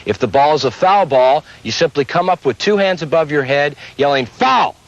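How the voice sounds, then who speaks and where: Umpire instructor, male, slightly high, methodical delivery; muffled old video audio. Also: fairly quick. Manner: steady, explains step by step. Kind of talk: instructional demonstration.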